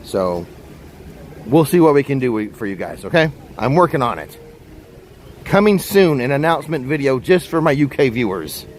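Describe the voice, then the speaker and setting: A man's voice: medium pitch, very animated, normal speed, low-quality recording. Chatty man live-streaming outdoors. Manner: rambling, chatty, talks straight to viewers. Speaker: vlogger live-streaming a park walk. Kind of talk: casual live-stream chat. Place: outdoors in a theme park, by a fountain. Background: wind and splashing water.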